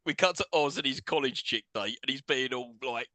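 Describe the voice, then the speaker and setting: A man's voice: medium pitch, fairly quick, bright, forceful tone, dry recording. A British man co-hosting a podcast, animatedly retelling film scenes with frequent laughter in casual chat. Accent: British English. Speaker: podcast co-host.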